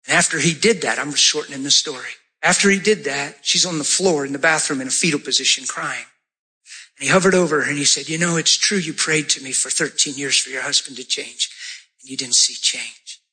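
A man preaching a sermon, telling a story with lively, animated delivery and jumping into high-pitched voices for the people in it. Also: a little fast, slightly rough. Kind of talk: sermon with testimony.

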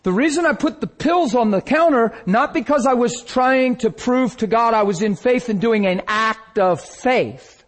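A male preacher telling a personal testimony in a sermon, animated storytelling that acts out the scenes. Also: high voice. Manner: animated storytelling, acting out his own crying.

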